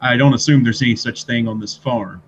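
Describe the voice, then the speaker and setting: A man's voice: mid-range voice, fairly even intonation, slight background noise. Formal-sounding man on a dull mic. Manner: formal, measured in-character speech. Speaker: player. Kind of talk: tabletop role-play.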